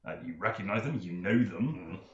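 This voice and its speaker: A man's voice: lowish voice, lively intonation, moderate pace, lo-fi sound. A man running a tabletop game as game master, narrating loosely with fillers and laughs among several players. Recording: echoey room, faint noise.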